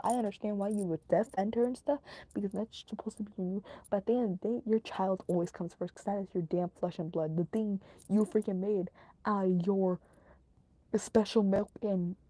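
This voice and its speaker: A young woman talks through a true crime case in a loose, joking ramble, full of "like" and quick laughs. Her voice is mellow and dark-toned, and the recording is dry with no room sound. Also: mid-range voice, no echo. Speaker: podcast host. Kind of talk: casual true crime commentary.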